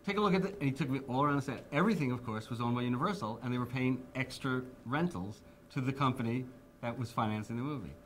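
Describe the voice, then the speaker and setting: A man's voice: mid-range voice, quick pace, a little hiss or hum. A man in his fifties, being interviewed, telling anecdotes animatedly and acting out the people he quotes. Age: 50s.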